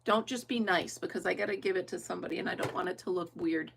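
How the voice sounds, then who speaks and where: A woman's voice: on the low side, fast, gravelly, noisy background. A middle-aged woman chatting casually and laughing often as she crafts on a livestream, thinking aloud and talking to her viewers. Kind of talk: casual chat while crafting.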